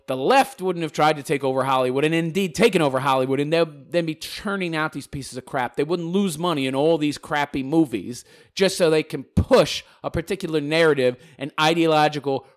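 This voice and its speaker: A man's voice: on the high side, a bit bright. A man, a YouTuber, reading out hostile comments and replying in a sarcastic, combative, mocking rant. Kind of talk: casual ranting monologue.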